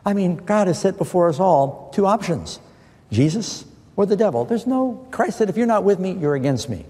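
A man's voice: sits high, very animated, moderate pace, dark tone. A middle-aged male preacher giving a sermon as a Bible study, posing questions and answering them with scripture in an earnest, emphatic way. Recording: long reverb of a large hall.

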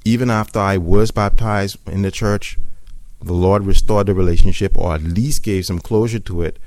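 A man's voice: low-pitched, darkish tone, no echo. A man giving a personal church testimony, telling his story in an earnest, reflective way.

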